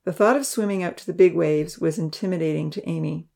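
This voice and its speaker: A woman narrating a children's story aloud with a steady, expressive reading. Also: lowish voice, fast, gravelly.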